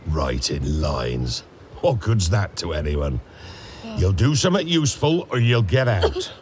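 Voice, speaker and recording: A man reading a book aloud and voicing a big, gruff but kind-hearted male gamekeeper with a blunt rustic manner. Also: low-pitched, big pitch swings, a little slow, background noise, pitched below the performer's own voice.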